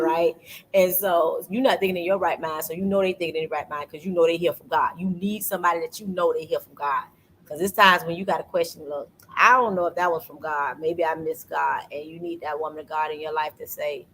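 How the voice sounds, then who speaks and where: A woman hosting a casual faith talk, telling a personal story with lively energy and acting out what people said to her. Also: lowish voice, slight background noise, rough recording. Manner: animated storytelling, acts out quoted voices. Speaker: podcast host. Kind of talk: casual faith testimony chat.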